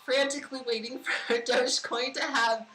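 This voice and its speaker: A woman's voice: sits high, steady tone, normal speed. An American woman hosting a casual crypto podcast, rambling and giggling with lots of fillers. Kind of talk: casual livestream chat. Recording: echoey room with faint noise.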